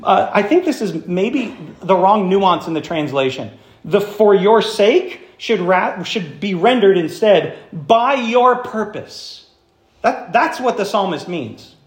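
A man preaching a sermon to a congregation in a church hall, animated and emphatic, often asking the room questions. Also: sits high, a little slow. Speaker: pastor.

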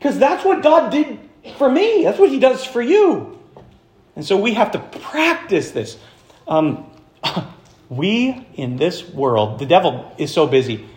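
A man preaching a sermon as pastor, animated, swinging from hushed passages to loud, high-pitched points. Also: slow pace, roomy sound. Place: church.

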